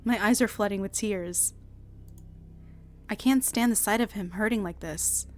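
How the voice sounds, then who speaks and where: A young woman streamer reading a visual novel aloud, with dramatic, shouting outbursts and laughing reactions. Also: medium pitch, a little slow, faint music behind. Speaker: virtual streamer.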